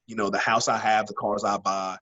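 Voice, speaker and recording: A man being interviewed as a wrestling guest, an animated storyteller who rambles with many fillers and restarts. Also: on the low side, a little fast, lo-fi sound. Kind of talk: casual interview chat.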